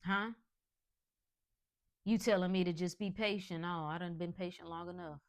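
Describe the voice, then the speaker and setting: A woman with a fairly low voice delivers a motivational monologue as a podcast host. She talks emphatically and colloquially, pressing her points like a sermon. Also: little pitch movement, normal speed, gravelly. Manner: emphatic, preachy, colloquial with laughs.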